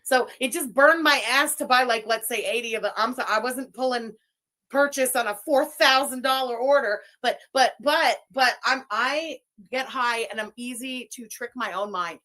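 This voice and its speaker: A woman in a played clip, gushing and rambling excitedly and swearing as she talks. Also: a little high, moderate pace.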